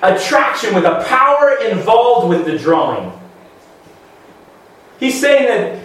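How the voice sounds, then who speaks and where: A male pastor preaching a sermon with emphatic, halting restarts and rhetorical questions. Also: high voice, big pitch swings, fairly bright tone. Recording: very echoey room, voice from far off.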